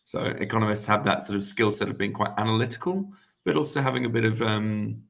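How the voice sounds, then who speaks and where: A man's voice: lowish voice, quick pace, creaky, fairly bright tone. A young man from England, a guest economist, talking casually over a video call with many ums and restarts. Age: young adult.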